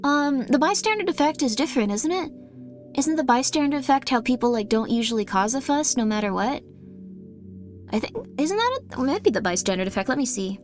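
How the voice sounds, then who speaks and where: A woman's voice: sits high, animated, fairly quick, soft background music. A woman streamer chatting casually with viewers, rambling with many fillers.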